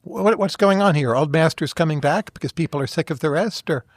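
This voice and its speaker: A man's voice: fairly high pitch, fairly quick, no room sound, clean studio sound. Inquisitive male podcast host. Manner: inquisitive, direct. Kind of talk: interview questions.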